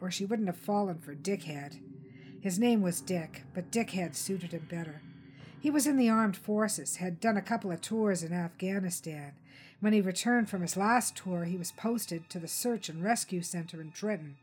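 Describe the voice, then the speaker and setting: Female audiobook narrator, steady dramatic delivery, gritty thriller read. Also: mid-range voice, slightly rough. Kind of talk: scripted narration.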